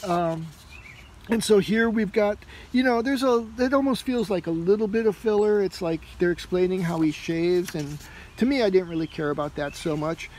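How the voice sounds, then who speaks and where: Male comic reviewer, high-ish voice, casual and meandering, filler-heavy delivery. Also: normal speed, a little mellow, slight background noise, rough recording. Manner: rambling, heavy on fillers like "you know" and "uh".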